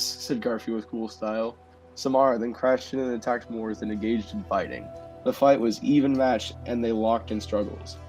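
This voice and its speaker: A man hosting a podcast, reading comedic fan fiction in a deadpan way with bursts of laughter. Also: on the low side, fairly quick, faint music behind, poor audio. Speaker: podcast host.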